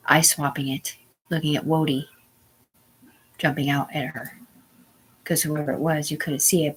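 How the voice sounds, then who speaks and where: A woman's voice: deep voice, gravelly, fairly bright tone, slight background noise, low-quality recording. A woman hosting a livestream, telling a rambling, profane story and often dropping to a whisper. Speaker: livestream host.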